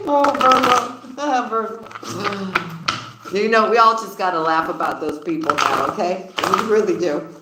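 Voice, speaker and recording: A woman's voice: lowish voice, a little fast, hardly any pauses, heavy background noise. A woman giving a casual tarot reading, laughing often and repeating her phrases. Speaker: tarot card reader. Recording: roomy echoey room.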